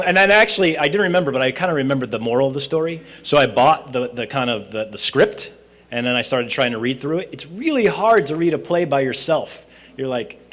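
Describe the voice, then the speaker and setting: A man's voice: mid-range voice, fairly bright tone. Brief: a man speaking informally at a student presentation, mid-range voice, rambling and conversational with many fillers. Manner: conversational, frequent fillers and restarts. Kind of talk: informal closing speech with storytelling. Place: event hall at a university presentation.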